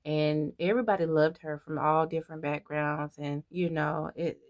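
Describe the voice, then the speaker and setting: Woman, low voice, beauty vlogger, halting, repeats herself, dry close sound. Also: fairly even intonation, darkish tone, dry recording. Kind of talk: emotional personal monologue.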